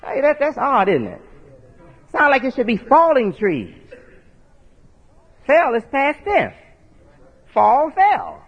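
A man's voice: very high voice, wildly swooping pitch, takes it slowly, long pauses, breathy edge. A man teaching in a folksy sermon style, spelling out words and often checking in with his listeners. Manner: folksy, rhetorical asides ending with "right?". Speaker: preacher. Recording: dull lo-fi audio with long hall reverb.

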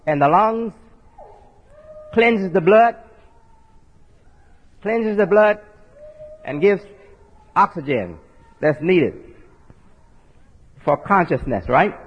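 High husky man preaching in a reverberant hall. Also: lively intonation, very slow, pauses often. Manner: folksy, rhetorical asides ending with "right?"; spells out words letter by letter. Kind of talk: sermon-style teaching with a board. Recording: dull lo-fi audio with long hall reverb.

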